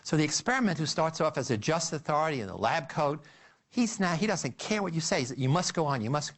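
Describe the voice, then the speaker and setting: A man giving a psychology lecture, telling the story in an animated way with frequent restarts and fillers. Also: fairly high pitch, quick pace. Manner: animated storytelling, addresses listeners as "you".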